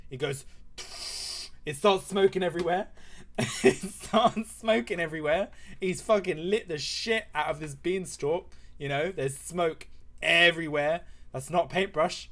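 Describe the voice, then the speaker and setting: A young man improvising a comic story while drawing, rambling, swearing and laughing. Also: fairly high pitch. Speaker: streamer.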